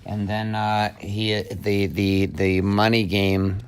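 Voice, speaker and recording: A man's voice: on the low side, level tone, slow pace, clean tone. A man in his thirties, a business owner talking bluntly and frankly in a casual podcast chat, swearing now and then.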